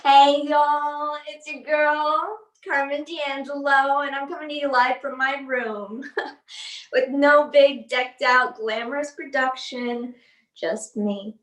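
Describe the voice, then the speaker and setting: A woman's voice: high-pitched, steady tone, takes it slowly, a bit bright, echoey room, distant mic. A woman playing a brash 22-year-old female influencer who talks in slang with an affected put-on accent, in a student theatre production. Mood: chummy. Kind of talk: student theatre acting, live-stream monologue.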